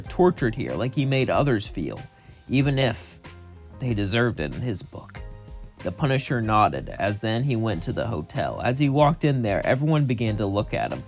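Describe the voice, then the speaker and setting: A man's voice: mid-range voice, very animated, normal speed, soft background music. A man narrating a fan story casually, rambling and improvised.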